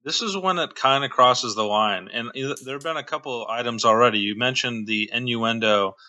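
A man's voice: mid-range voice, moderate pace, pushed and bright. A man co-hosting a podcast in casual chat, thoughtful and questioning. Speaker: podcast co-host. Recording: dull lo-fi mic.

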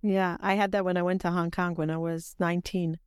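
Animated woman host, smooth dry voice. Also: lowish voice, brisk, dry recording. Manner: animated storyteller, acts out quoted voices. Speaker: podcast host. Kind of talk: casual conversational interview.

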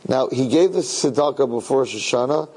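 A man gives a sermon as a story told in a loose, conversational style. His voice is husky and sits at a middle pitch. He repeats phrases and checks in with his listeners. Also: expressive, fairly quick, dark tone, rough recording. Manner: conversational, repeats himself, asks listeners questions.

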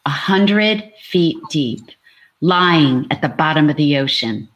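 A woman author speaks expressively and laughs easily at a livestreamed book event. Her voice sits somewhat low for a woman. She is heard over a video call. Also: expressive, slow, a bit bright.

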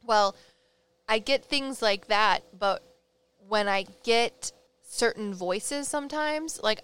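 A woman's voice: fairly high pitch, unhurried, clean tone. A woman with a Midwestern accent, a psychic medium co-hosting a casual podcast, telling stories animatedly and laughing often. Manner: animated storyteller, acts out quotes, laughs often.

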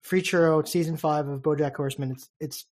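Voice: medium pitch, steady tone, fairly quick, a little mellow. An eager podcast co-host with a mid-range voice retells a scene with gusto, slipping quoted lines into casual chat.

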